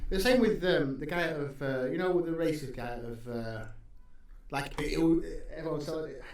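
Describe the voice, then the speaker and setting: A man, a stand-up comedian chatting as a podcast guest, rambling and sweary, quick to laugh. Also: on the high side, a little mellow. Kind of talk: casual podcast chat. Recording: roomy echo, faint background hum.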